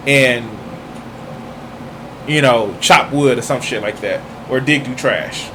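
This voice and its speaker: A man's voice: mid-range voice, takes it slowly, long pauses, sharp tone, a little hiss or hum. A man streaming reaction commentary, heated and mocking, swearing constantly as he picks apart a clip.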